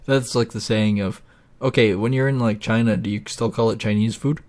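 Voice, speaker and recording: A man's voice: on the low side, fairly even intonation, normal speed, darkish tone. A man hosting a gaming video, rambling and ranting with plenty of swearing in casual gameplay commentary.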